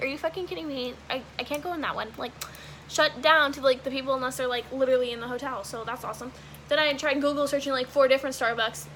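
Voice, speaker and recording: High, bright-voiced young woman vlogger. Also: slight background noise. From Washington state, US. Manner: casual, rambling, heavy use of "like", swearing. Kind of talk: storytime vlog.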